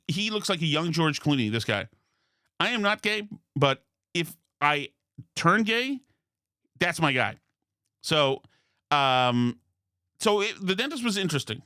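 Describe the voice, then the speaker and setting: A man from Massachusetts hosting a podcast, telling a long comic story in a rambling, deadpan way with incredulous asides. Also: on the high side, dry recording, studio quality. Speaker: podcast host. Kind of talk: comedic storytelling monologue.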